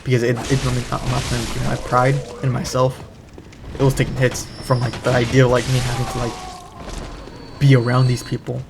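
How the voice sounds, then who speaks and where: Gravelly young man ranting over gameplay. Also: mid-range voice, completely flat delivery, moderate pace, over music. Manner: rambling, profane storytelling. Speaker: gaming channel host. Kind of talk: casual commentary while playing. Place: home. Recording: noisy background.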